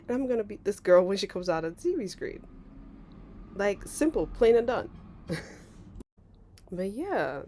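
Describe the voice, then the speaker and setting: Animated woman telling a storytime. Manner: animated, laughing, acts out voices with big pitch jumps. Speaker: vlogger. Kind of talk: casual storytime.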